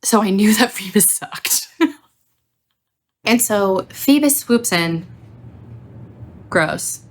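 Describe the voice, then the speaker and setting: A woman's voice: mid-range voice, very slow. A young adult woman hosting a casual book review video, ranting with plenty of swearing. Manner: ranting, profane, animated.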